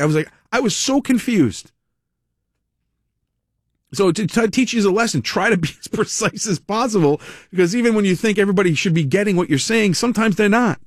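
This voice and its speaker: A man hosting a talk radio show, speaking in an animated monologue full of sarcastic asides and self-corrections. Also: high voice, fast talker, dry recording, clean studio sound. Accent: American. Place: radio studio. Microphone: studio microphone.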